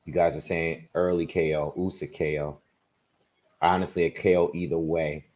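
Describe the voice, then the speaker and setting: A man with a low-set voice hosting a relaxed livestream from a home setup. He runs through viewer shout-outs in quick bursts and thinks aloud, with restarts, as he gives his own picks. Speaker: boxing livestream host. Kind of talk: casual livestream chat, reading viewer comments.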